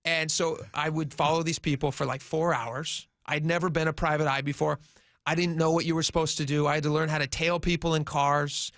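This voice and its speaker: In a radio studio, a man in his forties hosts talk radio with a slightly high, fairly bright voice, delivered flatly and a little fast. He casually spins a long, rambling anecdote full of fillers, captured on a dry, studio-quality recording.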